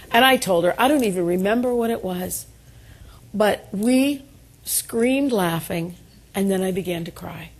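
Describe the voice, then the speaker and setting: A woman's voice: lowish voice, unhurried, gravelly. A middle-aged woman giving a motivational keynote to an audience, telling stories with self-deprecating humor and calling for responses. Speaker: keynote speaker. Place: event room before an audience.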